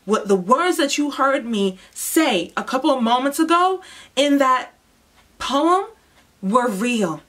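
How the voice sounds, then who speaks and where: A young woman giving an emotional personal testimony, moving between hushed, heavy moments and impassioned outbursts. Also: high voice, animated, slow. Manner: intense, swings from hushed to impassioned. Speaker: testimony speaker.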